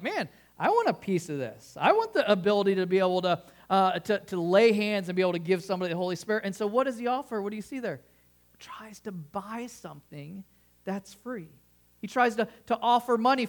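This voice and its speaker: A man's voice: high voice, fairly bright tone. A male pastor preaching a sermon in a conversational way, often restarting phrases and asking the congregation questions.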